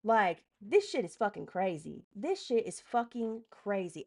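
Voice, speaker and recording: Woman, live streamer, political commentary, heated, swearing, quick asides to chat. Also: mid-range voice, sing-song, a little mellow. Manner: heated, profane, rapid asides to chat and mods.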